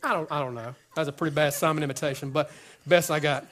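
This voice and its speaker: A male pastor with a high voice delivers a conversational sermon. He jokes with the room and repeats words as he builds to his points. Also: quick pace. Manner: conversational, joking, repeats words when excited.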